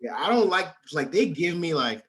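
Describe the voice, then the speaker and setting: A man's voice: fairly high pitch, sing-song, normal speed, a bit bright. A man co-hosting a podcast, chatting casually with blunt, profane banter. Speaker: podcast co-host. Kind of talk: casual chat.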